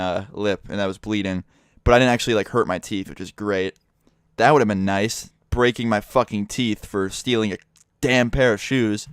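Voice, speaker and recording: A man's voice: on the low side, clear, resonant tone, no echo. A young man telling a rambling, self-mocking story with lots of swearing, speaking into a close mic. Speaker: YouTuber. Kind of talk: casual storytelling vlog.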